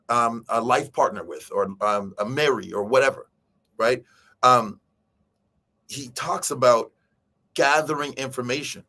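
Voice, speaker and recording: Bright-voiced man explaining casually. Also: mid-range voice. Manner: conversational, explaining with filler words and "right?" checks. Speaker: host. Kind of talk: casual morning talk.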